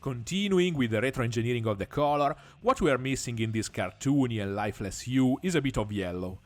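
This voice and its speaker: A man narrating a step-by-step miniature painting lesson in a measured, explanatory way, with a middle-pitched voice. He pauses often on small fillers and slips in dry, wry asides. Soft music plays faintly behind him. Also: lively intonation. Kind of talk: scripted tutorial narration.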